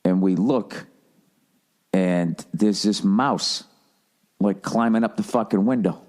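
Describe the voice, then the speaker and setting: A man's voice: on the low side, takes it slowly, darkish tone. A man telling a rambling, profane, self-mocking comic rant in a podcast style. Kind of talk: comedic rant.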